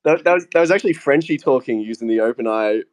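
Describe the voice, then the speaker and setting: Excitable, swearing Australian man. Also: mid-range voice, fast talker. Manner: excitable, swears freely, laughs often. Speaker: AI agent developer. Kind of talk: casual group voice call.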